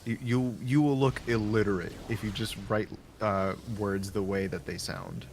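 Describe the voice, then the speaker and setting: A man's voice: lowish voice, steady tone, moderate pace, background noise. A man chatting casually on a live stream, swearing freely and laughing often. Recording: music playing loudly behind.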